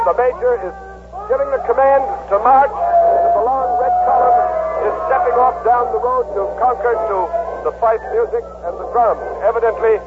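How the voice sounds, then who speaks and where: An urgent field reporter in an old radio drama, his very high voice racing through breathless eyewitness commentary. The sound is thin and phone-like, buried in loud hiss. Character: excited male on-the-scene radio reporter.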